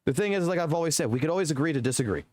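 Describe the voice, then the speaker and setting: A man's voice: fairly high pitch, animated, rapid-fire, darkish tone, no room sound. A man streaming games and ranting to his chat, swearing often and repeating himself for emphasis. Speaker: game streamer.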